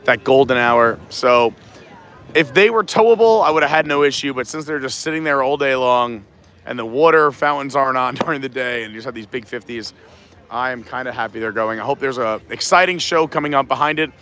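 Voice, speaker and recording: A man's voice: medium pitch, a little fast, a bit bright. A man hosting a live-stream vlog outdoors at a theme park, chatting and joking with friends and giving tour-guide tips as he walks. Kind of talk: casual chat while walking.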